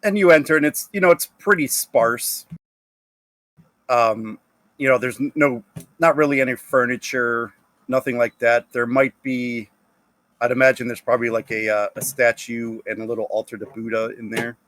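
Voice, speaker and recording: A man's voice: mid-range voice, steady tone, moderate pace, a bit bright, dry recording. A man running a tabletop game as game master, describing scenes hesitantly with many fillers.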